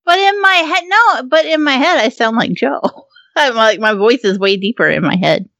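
Woman co-host, high-pitched, giggly and crude, dry close sound. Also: animated, moderate pace, fairly bright tone, dry recording, dull audio. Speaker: podcast co-host. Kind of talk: casual gaming chat.

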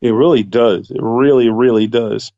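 A man chatting as a podcast guest, jokey, acting out his own thoughts in quick bursts. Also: medium pitch, fairly even intonation, warm tone, no room sound, muffled recording. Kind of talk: casual chat.

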